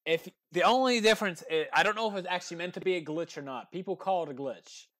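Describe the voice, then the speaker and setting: A man with a somewhat high voice hosts a casual podcast chat. He explains game tricks in a relaxed, conversational way. He talks into a computer mic over a remote call. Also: fast talker. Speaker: podcast host.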